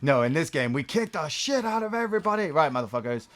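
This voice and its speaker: Animated man riffing over gameplay. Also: high-pitched, fast talker. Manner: animated, jokey, acts out game characters in loud bursts, swears. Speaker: co-host of a game review show. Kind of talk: casual gameplay commentary.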